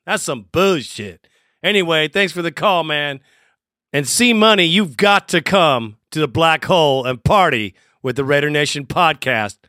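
A man's voice: fairly high pitch, lively intonation, unhurried, pushed and bright, dry recording, clean studio sound. A man hosting a fan podcast, who answers callers in a blunt, mocking way and swears freely. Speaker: podcast host. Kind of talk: casual podcast chat.

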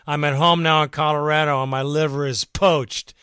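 A man's voice: on the high side, steady tone, normal speed, fairly bright tone, clear, resonant tone, no echo, studio quality. A man hosting a fan podcast, ranting with emotion and profanity, his voice worn out. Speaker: podcast host. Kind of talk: impassioned fan podcast rant.

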